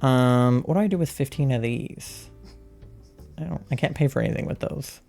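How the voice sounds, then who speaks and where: A woman's voice: very deep voice, normal speed, gravelly, mellow. A woman streaming a game live, chatting casually and rambling as she reads out chat messages. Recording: faint music behind.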